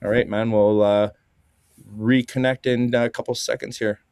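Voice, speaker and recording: A man's voice: mid-range voice, flat delivery, normal speed, a little mellow, clear, resonant tone, dry recording, clean studio sound. A man with a Canadian accent hosting a podcast, laid-back and slangy in casual chat. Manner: laid-back, slangy, calls people dude and bud. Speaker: podcast host.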